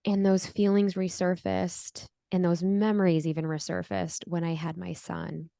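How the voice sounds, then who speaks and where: A woman's voice: fairly low pitch, little pitch movement, measured pace, gravelly, mellow, dry recording. A woman in her forties telling her own story earnestly as a podcast guest, acting out her past voice at times. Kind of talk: candid interview storytelling.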